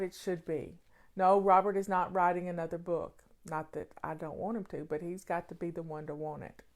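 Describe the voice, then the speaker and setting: Emphatic folksy woman giving home advice. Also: on the low side. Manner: emphatic, folksy, repeats key phrases for emphasis. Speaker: home organizing coach and show host. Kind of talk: casual question-and-answer advice talk.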